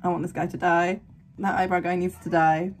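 A woman's voice: on the low side, level tone, fairly quick, a little hiss or hum. A woman hosting an anime reaction, gasping, exclaiming and swearing bluntly as she comments live.

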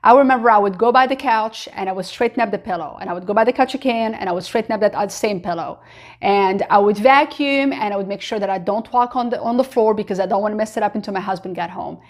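A woman's voice: mid-range voice, fast talker. A woman in her thirties giving an encouraging faith-based self-help talk to camera, earnest and full of "you know" asides. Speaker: vlogger.

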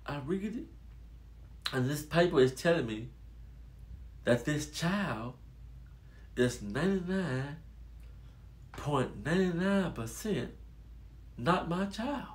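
Brief: male vlogger, slightly high voice, animated casual storytelling, talks straight to viewers. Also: slow pace, long pauses. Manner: animated, addresses listeners as y'all.

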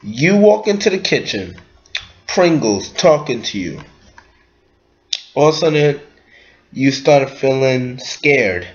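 Therapist: fed-up, profane, slow-talking man, lo-fi home recording. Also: mid-range voice, voice pushed down. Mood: exasperated. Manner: profane, exasperated, slow and lively. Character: blunt, exasperated man posing as a therapist. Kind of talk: comedy sketch acting. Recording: lo-fi home video.

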